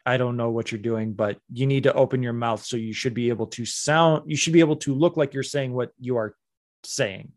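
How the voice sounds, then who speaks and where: A man talking casually on a podcast, animated and critical, sometimes slipping into mimicry. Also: medium pitch, fairly quick. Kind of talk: casual chat.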